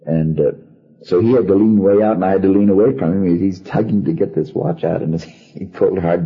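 An older man, a former radio actor, telling a wry funeral anecdote in an unhurried storytelling manner, on an archive recording. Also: low voice, fairly even intonation, mellow, muffled recording.

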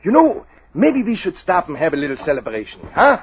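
Old prospector, chuckling, swooping pitch, thin noisy old radio recording. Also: male voice, very animated, brisk, phone-quality sound. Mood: jovial. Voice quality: chuckling, folksy broken phrasing. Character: old German-immigrant gold prospector, jolly. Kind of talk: 1940s radio acting.

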